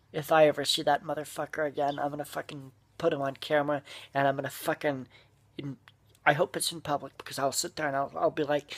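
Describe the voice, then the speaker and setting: Angry vlogger man, husky voice, profane shouting rant. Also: fairly high pitch, flat delivery, fast. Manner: profane, furious, shouting bursts. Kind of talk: angry ranting monologue.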